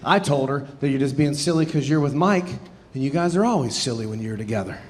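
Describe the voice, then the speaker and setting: A man's voice: mid-range voice, fast talker, a little hiss or hum. A man in his thirties doing stand-up, rambling and self-deprecating, often chuckling through his lines. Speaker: stand-up comedian. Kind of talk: stand-up storytelling. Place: theater stage with live audience.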